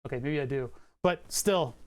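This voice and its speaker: A man's voice: mid-range voice, normal speed. A young man streaming from home, chatting casually while he tinkers, rambling and correcting himself, laughing at his own asides, on a condenser mic run through a compressor. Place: home room with acoustic padding.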